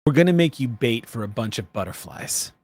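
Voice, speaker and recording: A man's voice: mid-range voice, very animated, a little fast, darkish tone, husky, no echo. A man voicing a tough, blunt female camp boss who swears a lot. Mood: gruff.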